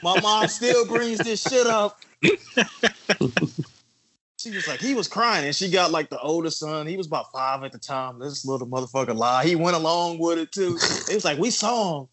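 Animated storytelling man in his twenties. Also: on the high side, normal speed, poor audio. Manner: animated storyteller, swears casually, lots of fillers. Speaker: podcast co-host. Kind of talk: casual podcast chat.

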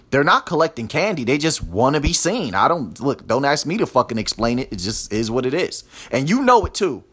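A man's voice: medium pitch, a bit bright. A man hosting a podcast alone, ranting with constant swearing and mocking sarcasm, talking straight to his listeners. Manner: talks to his listeners directly. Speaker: podcast host. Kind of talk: profane solo rant.

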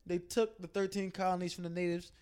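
High-voiced man telling a brash story. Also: steady tone, fast, a crowd in the background. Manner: loud, profane storytelling with put-on voices. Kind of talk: casual chat.

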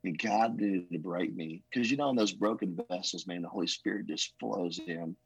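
A man who is a pastor telling his life story in an emotional, earnest way, with a husky voice. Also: sits low, normal speed, no room sound, low-quality recording. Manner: emotional, earnest, says "man" and "bro" often. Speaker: pastor, podcast guest. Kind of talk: testimony storytelling.

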